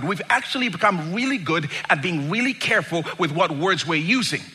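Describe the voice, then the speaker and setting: A middle-aged man preaching a sermon, dramatic and emphatic, moving between quiet asides and loud bursts. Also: high-pitched, expressive, a little fast, few pauses. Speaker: pastor.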